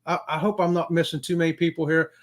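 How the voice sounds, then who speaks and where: A middle-aged man runs a relaxed livestream chat. His voice sits a bit high for a man. He reads viewer comments in a folksy, upbeat way and often breaks into chuckles. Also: quick pace. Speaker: livestream host.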